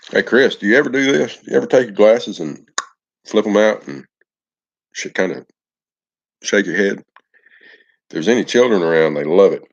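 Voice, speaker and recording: Folksy guy chatting to his viewers live, lowish voice, kinda dull lo-fi audio. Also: normal speed, vocal fry, pauses often. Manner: folksy and affectionate, addresses viewers by name. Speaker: live-stream vlogger. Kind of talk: casual live-stream chat with viewers.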